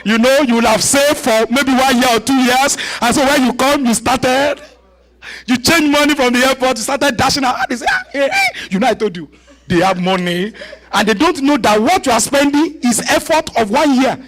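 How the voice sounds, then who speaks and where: A man with a Nigerian accent, a guest pastor preaching a sermon in a church with laughter and shouted prayer. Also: extremely high pitch, normal speed.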